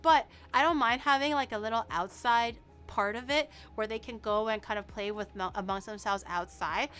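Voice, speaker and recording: Animated young woman streamer, bright voice. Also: fairly high pitch, moderate pace, clean tone, faint music behind. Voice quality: animated, swearing, trailing off into mumbles. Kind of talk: casual chat to stream viewers.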